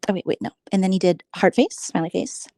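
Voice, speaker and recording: Gravelly woman in late-night gossip chat. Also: lowish voice, fast, mellow, no echo. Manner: rambling and gossipy, often dropping to a whisper. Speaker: vlogger host.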